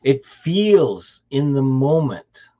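A man with a Canadian accent chats loosely as a podcast host, circling back on his words and often breaking into a laugh. His voice sits at an ordinary middle pitch. The audio is dull and lo-fi. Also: very animated, drawn-out words, mellow. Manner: rambling, many restarts, laughs easily. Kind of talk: casual chat.

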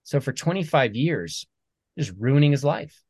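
A man, a military veteran and author, talking earnestly as a podcast guest, animated when he quotes other people. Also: medium pitch, a little slow, husky, dry recording. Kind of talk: conversational storytelling.

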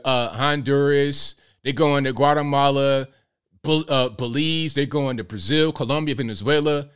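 A man delivering an opinionated monologue, animated, with frequent stammering restarts. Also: on the high side. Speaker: political commentator.

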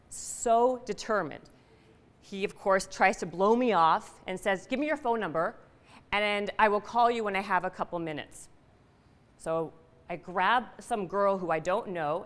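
A middle-aged woman telling a personal story to an audience, animated and punchy, asking the room questions. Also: mid-range voice. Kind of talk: storytelling talk. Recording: reverberant hall.

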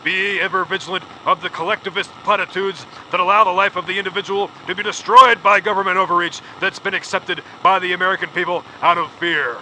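A man's voice: high voice, fairly even intonation, fast, few pauses, pushed and bright, slight background noise, low-quality recording. A man playing a pompous, rotund male talk-radio host who takes calls in long-winded formal phrasing.

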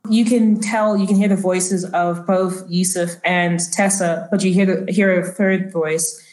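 A woman's voice: on the low side, steady tone, a little slow, darkish tone, roomy sound, rough recording. A woman narrating as game master of a tabletop game, chatty and full of fillers.

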